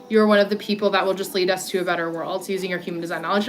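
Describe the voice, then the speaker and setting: Faint music plays behind a woman in her thirties as she walks and talks on a phone livestream, answering viewer comments and rambling with lots of "like." Her alto voice is on the low side, steady and a bit bright, and she talks fast with few pauses.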